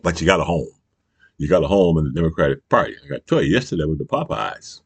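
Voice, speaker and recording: Very deep gravelly man ranting. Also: animated, fast talker, dry recording. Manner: heated, profane, peppered with "you know". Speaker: channel host. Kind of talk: political commentary rant. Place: Michigan.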